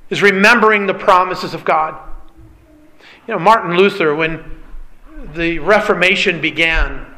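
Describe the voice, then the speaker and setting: A man preaching a sermon in an earnest way, dropping low and slow to stress key lines. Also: pushed and bright, low-quality recording.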